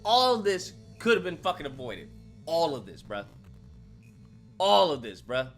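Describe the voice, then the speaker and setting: A man's voice: on the high side, very animated, measured pace. A man hosting his own channel, delivering an emphatic, profane commentary rant and repeating lines for effect.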